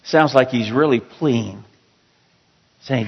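A man preaching a sermon, reading scripture slowly and rising to pleading emphasis. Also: mid-range voice, expressive, lo-fi sound. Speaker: pastor. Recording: long reverb of a large hall.

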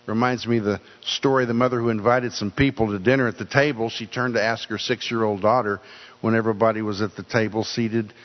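A man's voice: lowish voice, steady tone, quick pace. An older man preaching a sermon in an earnest way, often repeating words for emphasis. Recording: dull sound with long hall reverb.

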